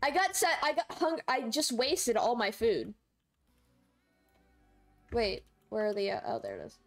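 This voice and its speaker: A woman's voice: a little high, wildly swooping pitch, unhurried, faint music behind. A young woman streaming a game live, chatting playfully and laughing a lot while viewers trolls her. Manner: playful, laughs often, squeals when chat trolls her. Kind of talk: live gameplay commentary.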